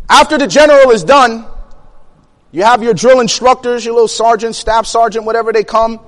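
Young guy telling a story, high voice, acts out the quotes, hall reverb. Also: brisk. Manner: animated, acts out quotes, laughs between lines. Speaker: speaker telling a personal story. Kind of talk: storytelling talk.

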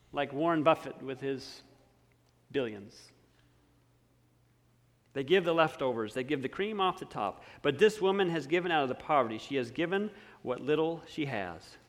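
A man preaching a sermon, slow and emphatic, dropping to near-quiet on key words. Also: mid-range voice. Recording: long hall reverb.

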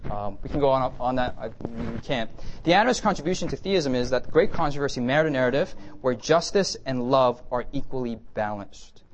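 A man giving a conversational sermon lecture with slides, lively and often checking in with his listeners. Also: medium pitch, brisk, slight background noise. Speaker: preacher teaching a class.

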